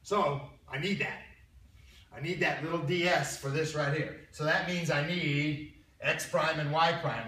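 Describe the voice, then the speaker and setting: A man's voice: a little high, normal speed, sharp tone. Man lecturing in an echoey classroom. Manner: conversational, repeats himself, quizzes students. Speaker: math instructor. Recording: roomy, distant classroom recording with faint noise.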